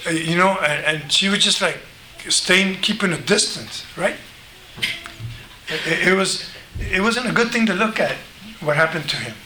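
Male preacher, high-pitched and bright, animated conversational sermon, echoey hall. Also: measured pace, pauses often. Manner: conversational, animated, acts out quoted voices. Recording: echoey room, faint noise.

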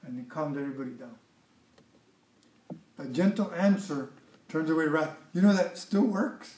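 A man's voice: on the high side, normal speed, a little mellow, reverberant, distant mic, rough recording. A man preaching a sermon in a conversational way, often repeating words and adding asides to his listeners. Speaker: pastor.

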